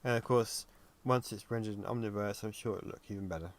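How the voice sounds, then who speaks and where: A tired man chatting casually on a livestream while he works on 3D animation, thinking aloud with frequent pauses and ums. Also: fairly low pitch, steady tone. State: tired and yawning. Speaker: 3D animator livestreaming his work.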